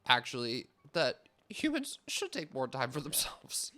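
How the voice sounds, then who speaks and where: A man's voice: mid-range voice, huge pitch swings, a little slow, sharp tone, faint music behind. A young man streaming a game, chatting casually and rambling, often stopping himself mid-thought and laughing. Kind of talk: casual gameplay chat.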